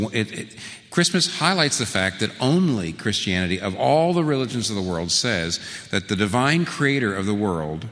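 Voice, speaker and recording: Low-voiced guy preaching, slow emphatic lines, rhetorical questions, long hall reverb. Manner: rhetorical questions, slow emphatic phrasing, rising to lively peaks. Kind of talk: sermon.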